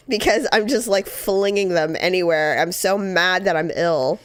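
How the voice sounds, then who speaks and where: A woman co-hosting a podcast in casual chat, hoarse from a cold, chatty and self-mocking. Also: fairly low pitch, unhurried, no room sound. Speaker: podcast co-host.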